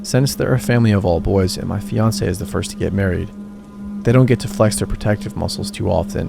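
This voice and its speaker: Gravelly man narrating over music. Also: lowish voice. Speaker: horror story narrator. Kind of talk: scripted narration. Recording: music bed under the voice.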